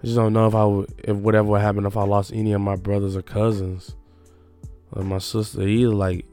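Halting young man, low voice. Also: flat delivery, warm tone, faint music behind. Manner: halting, reflective, restarting sentences. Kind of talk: emotional personal confession.

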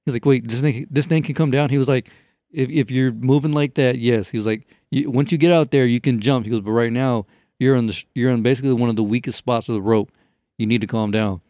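A man's voice: mid-range voice, quick pace, no room sound, studio quality. A man telling a story in casual chat, rambling and profane, with lots of fillers. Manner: rambling, profane, animated retelling with many fillers.

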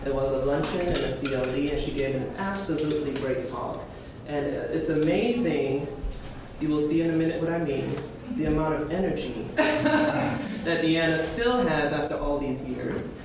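Brooklyn guy introducing a speaker, lots of ums, kinda high voice, far from the mic in a super echoey cafe. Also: moderate pace, background noise. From Brooklyn, New York. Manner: relaxed, hesitant with many fillers. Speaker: event host introducing the speaker. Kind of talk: informal introduction. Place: cafe event space. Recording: distant mic, very echoey room with ambience.

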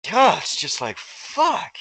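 A man's voice: a little high, big pitch swings, normal speed, pushed and bright, poor audio. A man co-hosting a podcast, joking crudely and rambling in casual banter with friends. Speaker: podcast co-host.

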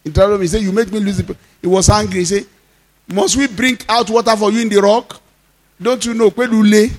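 A male pastor with a Nigerian accent preaching a sermon, reading scripture slowly and breaking into emphatic, rising declarations. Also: high voice, fairly even intonation. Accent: Nigerian, Yoruba-speaking. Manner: mixes in Yoruba phrases.

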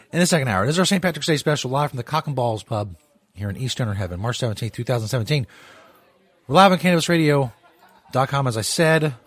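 A man's voice: mid-range voice, animated, a little fast, pauses often. A man hosting a radio show, talking in a crude, rambling way with laughing asides. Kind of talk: crude casual live radio talk.

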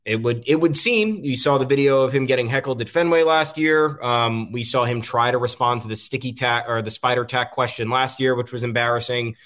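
A man's voice: medium pitch, a little fast, hardly any pauses, fairly bright tone. A man hosting a casual sports talk show, rambling and frustrated, with frequent ums. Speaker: podcast host.

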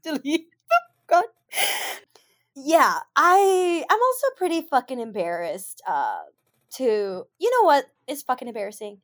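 A woman co-hosting a podcast, talking bluntly and laughing a lot. Her voice sits a little high and swings widely in pitch. She keeps it casual and swears freely. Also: very animated, unhurried, fairly bright tone. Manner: blunt, laughs often, playful profanity. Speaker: podcast co-host. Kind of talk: casual chat.

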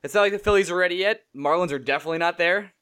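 Fast-talking sarcastic male podcast host. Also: high-pitched, a bit bright, smooth. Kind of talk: casual sports chat.

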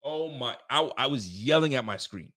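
Male sports podcast host, fired-up fan rant, swings from mutters to yells, curses freely. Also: mid-range voice, normal speed. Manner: animated, swings into loud outbursts and yells; swears freely, talks straight to listeners. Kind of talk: casual fan commentary.

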